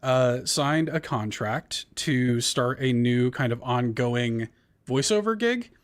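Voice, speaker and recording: A man's voice: mid-range voice, expressive, slow. A man co-hosting a casual gaming podcast, rambling with fillers and restarts. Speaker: podcast co-host. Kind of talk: casual chat.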